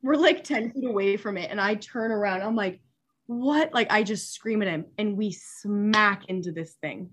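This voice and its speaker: Animated young woman telling a wild story. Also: medium pitch, moderate pace, few pauses. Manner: animated, laughing, lots of "like" fillers. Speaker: superyacht stewardess, guest. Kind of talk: casual storytelling chat.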